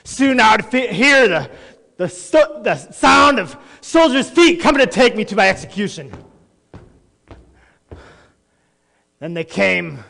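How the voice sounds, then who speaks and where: A man playing Barabbas, a manic gravelly criminal. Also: high voice, very animated, normal speed, bright, forceful tone, full character voice. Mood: agitated. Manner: boastful, erratic, talks straight to the audience. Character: notorious boastful male criminal, jittery and unhinged. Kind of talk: theatrical dramatic monologue. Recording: long echoey hall reverb.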